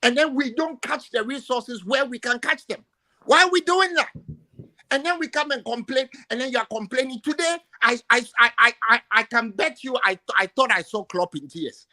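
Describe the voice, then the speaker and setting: A man's voice: very high-pitched, normal speed, hardly any pauses, bright, forceful tone. A male caller ranting emotionally over a video call, exasperated and stumbling over repeated words. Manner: emotional, exasperated, stammering repetitions. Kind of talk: impassioned call-in rant.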